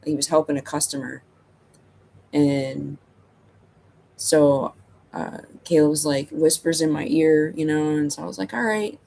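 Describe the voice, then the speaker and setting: A man's voice: on the high side, steady tone, a little slow, creaky, pauses often, a little mellow, a little hiss or hum. A middle-aged man telling a casual story as a channel host, rambling and self-amused, filling his talk with "you know" and "like".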